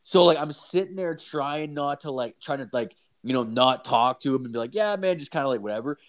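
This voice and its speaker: A man's voice: medium pitch, brisk. Profane, rambling young man telling stories. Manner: profane, rambling, animated storyteller. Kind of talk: casual storytelling chat.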